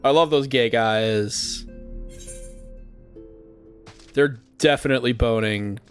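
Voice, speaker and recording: A man's voice: medium pitch, slow, soft background music. A man streaming a game live, chatting with crude humor and frequent laughter. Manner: crude, joking, laughs often.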